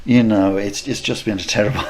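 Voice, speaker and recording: A man, co-hosting a podcast, telling stories in a casual, animated way. He stammers on restarts and laughs often. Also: lowish voice, a little fast. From United Kingdom. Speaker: podcast co-host, martial arts instructor. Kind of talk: casual anecdotal chat.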